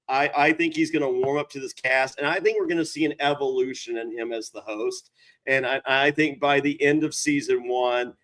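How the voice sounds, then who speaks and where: A man hosting a casual podcast chat, telling stories in a rambling, animated way. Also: fairly high pitch. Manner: rambling animated storyteller, many restarts. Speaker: podcast host.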